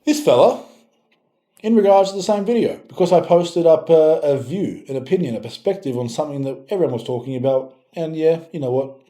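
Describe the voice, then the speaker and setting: A man's voice: on the high side, fast, dark tone. A man, a strength coach, chatting casually and sarcastically as he reacts to comments, with playful mock-scolding. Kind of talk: casual reaction video chat. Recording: roomy echoey room.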